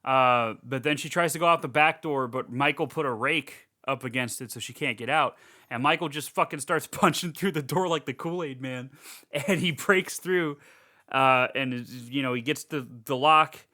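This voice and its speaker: A man co-hosting a horror podcast, recapping a film in an excitable, rambling casual chat and swearing freely. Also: mid-range voice. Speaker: podcast co-host.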